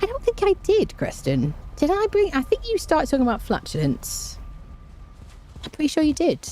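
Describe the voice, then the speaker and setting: With a fairly high, warm voice whose pitch swoops wildly, a woman streams a game at a moderate pace. She gives casual, playful let's-play commentary, humming little tunes while playing, and a little hiss or hum is audible.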